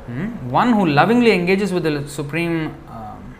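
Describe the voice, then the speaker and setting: A man's voice: fairly high pitch, sing-song, unhurried, a little hiss or hum. A man teaching a scripture class in a conversational way, explaining terms and checking in with listeners. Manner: conversational, asks rhetorical checks; explains word meanings while reading. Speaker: spiritual teacher.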